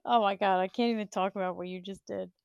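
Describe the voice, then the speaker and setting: A woman's voice: mid-range voice, fairly even intonation, fast talker, gravelly, a little mellow, clean tone, dry recording, highs cut off. A woman in her thirties hosting a livestream in blunt, profane, rambling chat, laughing often. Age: 30s. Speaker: livestream host.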